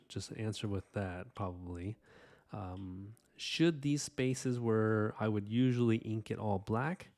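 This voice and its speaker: Rambling, earnest man on a live stream. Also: lowish voice. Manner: earnest, rambling, warm-hearted thanks to viewers; frequent fillers and soft asides. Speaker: live-stream artist host. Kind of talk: casual live-stream chat while inking.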